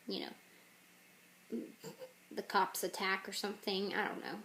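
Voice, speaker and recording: A woman casually pitching a game idea, rambling with jokey asides. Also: level tone, takes it slowly, long pauses, a bit bright, a little hiss or hum. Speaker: channel host.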